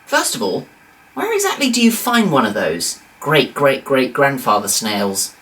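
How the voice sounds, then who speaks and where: A woman's voice: a bass voice, huge pitch swings, slow, long pauses, a bit bright. A woman giving comedic review commentary with sarcastic, incredulous asides.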